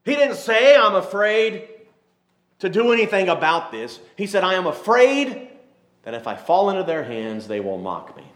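A man preaching a sermon, reading scripture slowly and then retelling it in lively everyday speech, acting out the characters. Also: sits high. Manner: switches from slow King James reading to lively paraphrase.

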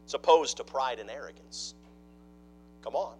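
A man preaching a sermon, dropping to hushed mock-gossip asides and then rising into loud, emphatic preaching. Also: medium pitch, animated, slow pace, pauses often, husky, soft background music, rough recording. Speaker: pastor.

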